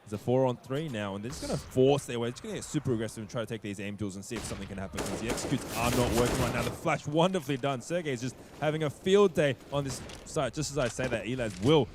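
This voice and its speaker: A man calling a competitive shooter match play-by-play, excitable and quick to laugh. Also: mid-range voice, background noise. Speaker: esports play-by-play caster. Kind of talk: fast play-by-play commentary.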